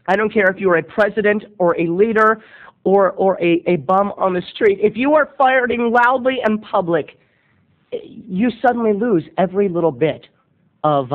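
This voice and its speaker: A man in his thirties with a very high voice tells a comic story to the camera. He talks in a melodramatic, theatrical way, and the sound is dull and lo-fi. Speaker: video blogger. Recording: dull lo-fi recording.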